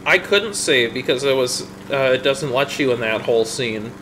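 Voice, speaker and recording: An excitable man chats casually while playing a video game with a friend, his voice rising and cursing when he gets riled. His pitch sits in an ordinary middle range. A steady air-conditioning hum fills the background. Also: moderate pace, low-quality recording. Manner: excitable, swears when reliving frustration. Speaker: let's play co-host. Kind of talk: casual gameplay chat.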